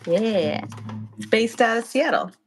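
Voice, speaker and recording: A young adult woman, a nurse, chatting casually and telling animated stories with frequent laughter. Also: on the high side, unhurried. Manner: animated storyteller who laughs often. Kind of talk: casual chat.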